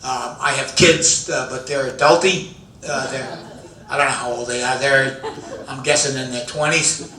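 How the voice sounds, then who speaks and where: A man's voice: mid-range voice, normal speed. A man in his fifties doing a self-deprecating stand-up comedy set, telling stories to an audience in a large event room. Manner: self-deprecating, animated storytelling with audience laughter. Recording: echoey room from far off.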